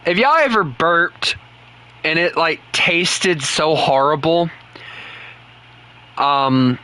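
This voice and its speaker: Slow-talking man gaming. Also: a little high, smooth, rough recording. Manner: loose, rambling, swings into loud frustrated outbursts. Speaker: gaming streamer. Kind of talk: casual gameplay commentary.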